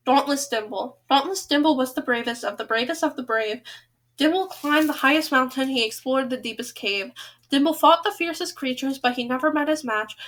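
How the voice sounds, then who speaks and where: A woman's voice: high voice, pushed and bright. A woman hosting a podcast, reading humorous children's poems aloud with chatty asides between them and stumbling over tongue twisters.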